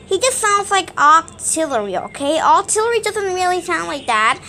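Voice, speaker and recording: A woman's voice: extremely high pitch, very animated, moderate pace, few pauses, pushed and bright, a little hiss or hum. A woman vlogger in rambling, complaining casual chat.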